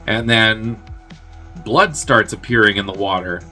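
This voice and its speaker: A man with a somewhat low voice and a bright, forceful edge recaps a movie plot in casual, loose chat. He swears freely and leans on "like". He keeps breaking into quick acted-out lines for the characters. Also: soft background music. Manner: loose and chatty, full of "like" and swearing. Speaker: movie review host.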